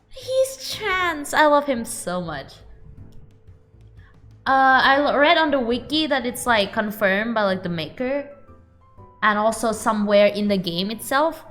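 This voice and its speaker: A woman streaming a game, chatting casually and excitably with her viewers between the lines she reads. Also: on the high side, unhurried, faint music behind. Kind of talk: casual live-stream chat.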